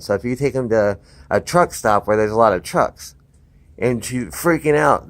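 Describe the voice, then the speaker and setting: A man talking casually to camera outdoors about training his dog, explaining at length with frequent restarts. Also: mid-range voice. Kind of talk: casual instructional talk to camera. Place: outdoors, by a fenced yard.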